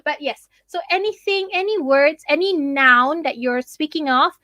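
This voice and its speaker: Young malaysian lady teaching english online, high voice, super dry close mic. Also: moderate pace, pushed and bright, no room sound. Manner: chatty, often checks in with "okay?". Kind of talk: live online lesson, mixing English with Malay.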